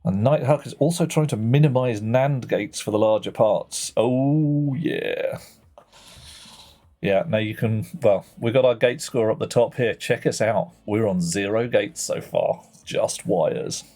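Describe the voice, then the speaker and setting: A man's voice: on the low side, moderate pace, few pauses, warm tone, soft background music. A man streaming a puzzle game live, thinking aloud in a playful way and muttering to himself as he works.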